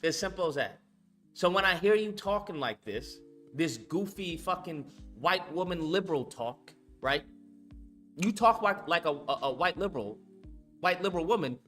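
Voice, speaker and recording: A man's voice: on the high side, expressive, normal speed, bright, forceful tone, faint music behind. A man hosting a reaction commentary, talking bluntly and mockingly with lots of profanity. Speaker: commentary host reacting to a video.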